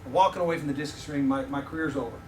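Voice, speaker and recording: A man's voice: mid-range voice, very fast, noisy background. A middle-aged man preaching as a visiting professor, telling personal stories and joking with the audience. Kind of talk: sermon with personal storytelling. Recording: echoey room, mic heard from a distance.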